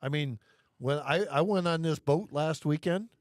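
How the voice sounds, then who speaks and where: A man's voice: fairly high pitch, moderate pace, no echo. A man chats as the host of a live show, easygoing and folksy, often tripping over his first words before getting going. His voice sits in an ordinary middle range, recorded dry and close with no room sound. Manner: folksy, repeats words when starting. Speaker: podcast host. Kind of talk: casual chat.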